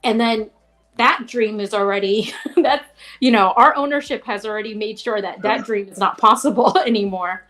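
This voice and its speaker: A woman's voice: medium pitch, moderate pace, fairly bright tone. A woman chatting casually on a call-in show, rambling with frequent restarts and laughter. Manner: rambling, laughing, self-interrupting.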